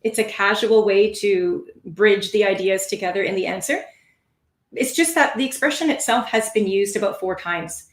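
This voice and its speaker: A woman giving a live online lesson on speaking skills, with a clear, encouraging teaching delivery. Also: medium pitch, moderate pace, echoey room. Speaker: test prep instructor.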